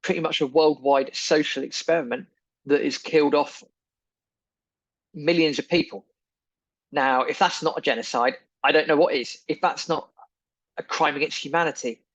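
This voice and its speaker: A man's voice: a little high, no echo, highs cut off. A man hosting a podcast, delivering an indignant, emphatic opinion monologue full of repeated phrases. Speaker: podcast host.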